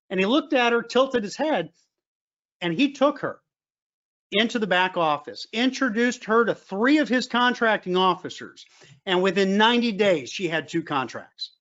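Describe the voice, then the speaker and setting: A man's voice: sits high, expressive, moderate pace, a bit bright, highs cut off. A man giving a business training talk on government contracting, emphatic and repetitive, with frequent fillers and restarts. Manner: emphatic, repeats key points, frequent fillers.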